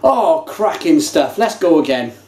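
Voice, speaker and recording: Excitable man reviewing beer. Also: fairly high pitch, measured pace. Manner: enthusiastic, animated, exclamatory. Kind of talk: casual beer review to camera. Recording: echoey room.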